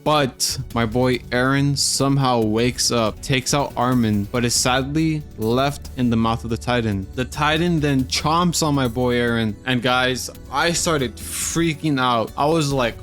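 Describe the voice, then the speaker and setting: A man hosting an anime reaction video in casual commentary, excitable and swearing freely. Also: medium pitch, moderate pace, hardly any pauses, faint music behind. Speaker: YouTube anime reaction host.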